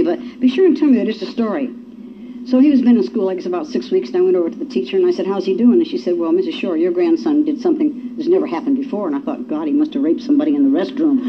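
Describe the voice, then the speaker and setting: An older woman speaking at a recovery meeting, telling her story in a folksy, emphatic way with exclamations. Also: mid-range voice. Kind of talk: personal recovery talk to a meeting. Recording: dull lo-fi recording with faint hiss.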